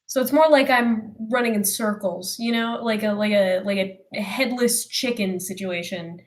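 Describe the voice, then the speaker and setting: A woman player chatting in and out of character at a tabletop game, rambling with deadpan jokes. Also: medium pitch, moderate pace.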